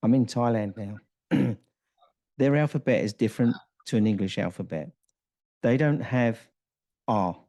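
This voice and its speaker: A man hosts a casual interview, his voice mid-pitched and conversational. He tells personal stories in a chatty, easygoing way, and the recording is dry with no room echo. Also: unhurried, pauses often, mellow. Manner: anecdotal, chatty storyteller. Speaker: podcast host.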